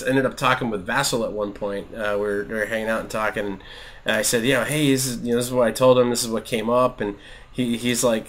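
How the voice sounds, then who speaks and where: Animated storytelling man in his thirties. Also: mid-range voice. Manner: animated storyteller, acts out quotes, laughs often. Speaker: podcast co-host, father. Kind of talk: casual chat while gaming.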